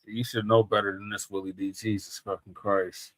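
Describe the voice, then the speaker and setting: A man's voice: fairly low pitch, little pitch movement, normal speed, fairly bright tone, no echo. A man co-hosting a podcast in casual chat, laid-back and mostly agreeing in short replies.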